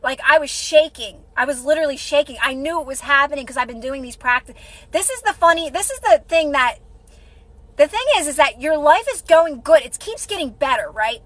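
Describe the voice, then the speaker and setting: A woman's voice: high-pitched, lively intonation, brisk, fairly bright tone, dry recording, low-quality recording. A woman hosting a casual motivational livestream, repeating herself encouragingly and greeting viewers by name. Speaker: livestream host.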